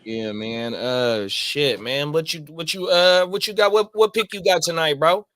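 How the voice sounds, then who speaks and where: A man's voice: on the high side, unhurried, a bit bright. A young man co-hosting a podcast, chatting casually about sports with laid-back slang. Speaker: podcast co-host.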